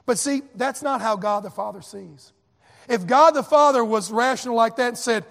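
A man's voice: high voice, moderate pace, gravelly, fairly bright tone, long reverb tail. A man preaching a sermon as pastor, with emphatic repetition and acted quotes.

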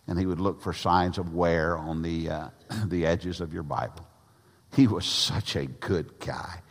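An older man from Tennessee, preaching a sermon with emphatic pauses and folksy stories. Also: low-pitched. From Tennessee, USA. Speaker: pastor. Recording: long hall reverb.

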